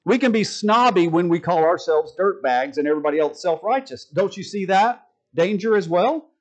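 A man's voice: sits high, lively intonation, moderate pace, low-quality recording. A man preaching a sermon from the pulpit, folksy and joking with the congregation. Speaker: pastor. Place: church sanctuary.

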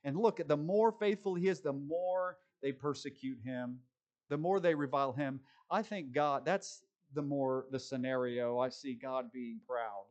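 A man preaching a sermon, moving between quick conversational asides and slow, deliberate scripture reading. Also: medium pitch, a little mellow, highs cut off. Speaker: pastor.

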